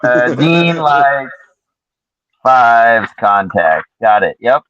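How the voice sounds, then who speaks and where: A man's voice: mid-range voice, sing-song, takes it slowly, a bit bright, dry recording, muffled recording. A man co-hosting a podcast, chatting casually with joking, mock-exasperated asides. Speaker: podcast co-host.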